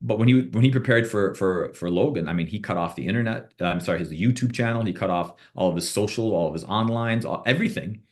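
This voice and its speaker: Low-voiced guy, boxing manager on a podcast, rambles through anecdotes w/ lots of restarts. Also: fast talker, hardly any pauses. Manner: rambling anecdotes with repeated restarts and quoted dialogue. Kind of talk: podcast interview storytelling.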